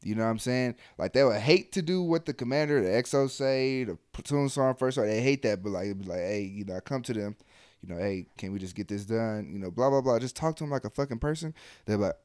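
A man's voice: medium pitch, animated, fast, a little mellow, smooth, no room sound. Laid-back soldier man, dry sound. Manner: loose, profane, trailing off into mumbles. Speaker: army soldier. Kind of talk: casual chat.

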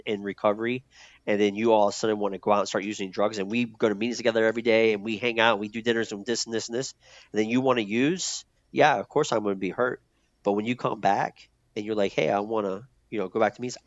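Man, low voice, casual profane storyteller with fillers; lo-fi, muffled audio. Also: no echo. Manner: loose and profane, many fillers and restarts. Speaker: guest telling his recovery story. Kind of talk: candid conversational storytelling. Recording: dull lo-fi sound.

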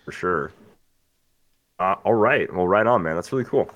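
A low-voiced man hosts a tabletop game podcast in easy, jokey conversation. He banters loosely with his co-host. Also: lively intonation, moderate pace, no echo, dull audio. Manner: easygoing, jokey, chatty. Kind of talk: casual podcast chat.

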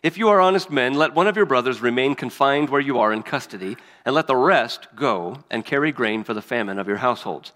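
A man of middle pitch reads scripture and preaches, earnest and emphatic, lifting his voice where the text turns to speech. The sound carries a long reverb, as if filling a large hall. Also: lively intonation, fairly quick, hardly any pauses, a bit bright. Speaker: pastor. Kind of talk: scripture reading and sermon.

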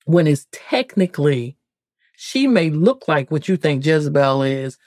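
A woman hosting a podcast, delivering a blunt, scolding monologue full of rhetorical questions, her pitch swinging up and down. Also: very animated, unhurried, darkish tone, no echo, clean studio sound. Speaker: podcast host. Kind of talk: preachy monologue.

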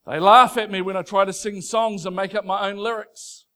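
Fervent, high-voiced male preacher. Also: steady tone, bright, forceful tone, smooth. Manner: earnest, emphatic preaching that swells into fervent declaration; reads scripture slowly and deliberately. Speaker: pastor. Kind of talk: sermon.

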